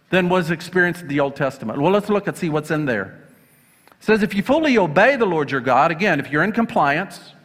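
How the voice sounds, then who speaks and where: Male pastor, high bright voice, animated sermon delivery, hall reverb. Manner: storytelling, rhetorical questions, frequent fillers.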